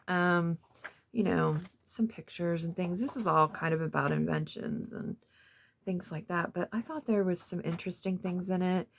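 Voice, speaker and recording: A woman in her fifties with a low, gravelly voice talks through a thrift haul in a loose, rambling way, full of fillers. A faint hiss sits under the recording. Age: 50s. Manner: rambling, chatty, many fillers. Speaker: craft vlogger. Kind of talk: casual show-and-tell of a thrift haul.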